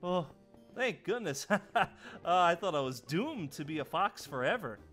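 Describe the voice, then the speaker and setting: Player doing a frightened ghost boy, stammery, bright lively voice, music under it. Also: medium pitch, unhurried. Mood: panicky. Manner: stammering, panicky, repeats words. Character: scared ghost boy stuck inside a pirate fox robot. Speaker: roleplayer. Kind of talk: playful game role-play.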